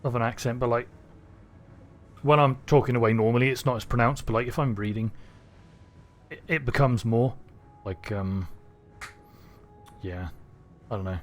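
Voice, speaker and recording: A man's voice: medium pitch, moderate pace, long pauses. A man from Cornwall with a neutral English accent, rambling and thinking aloud through casual gameplay commentary. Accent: neutral southern English. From Cornwall, England. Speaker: streamer.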